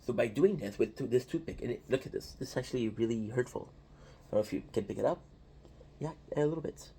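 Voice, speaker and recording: A man talks in a loose, rambling monologue, tagging "right?" onto nearly every point. His voice is dark and soft-edged, with a slight huskiness. He restarts phrases often as he thinks aloud. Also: mid-range voice, quick pace, breathy edge. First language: French. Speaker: channel host.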